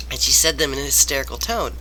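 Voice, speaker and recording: A woman's voice: rumbling low, pushed and bright, slight background noise. A woman vlogger ranting about work, rambling and exasperated, turning self-reflective. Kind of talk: rambling personal rant to camera.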